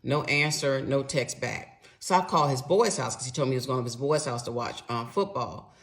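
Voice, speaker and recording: Gravelly-voiced woman telling her story. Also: rumbling low, normal speed. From Atlanta, USA. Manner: animated, emphatic, swears freely. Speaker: storyteller recounting personal experience. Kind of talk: casual storytelling to viewers.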